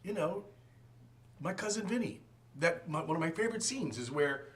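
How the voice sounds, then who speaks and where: Man leading a church class, slightly high voice, very animated delivery, jokes and acts out quotes. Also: normal speed. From from outside the region. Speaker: Sunday school teacher.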